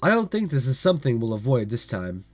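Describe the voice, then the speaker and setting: A man with a cold voicing an evasive teenage boy in a visual novel reading, speaking lower than his own voice. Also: sing-song, fast talker, soft background music. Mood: defensive. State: has a cold.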